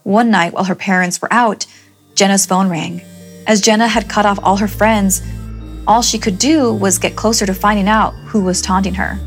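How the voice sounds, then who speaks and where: A woman narrating a scripted horror story, speaking dramatically and shifting between brisk and drawn-out delivery. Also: mid-range voice, fairly even intonation, faint music behind.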